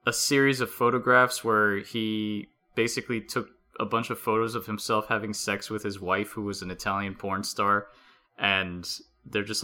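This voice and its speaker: A man's voice: medium pitch, pushed and bright. A man co-hosting a casual podcast, telling a story and reading aloud with playful asides. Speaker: podcast co-host.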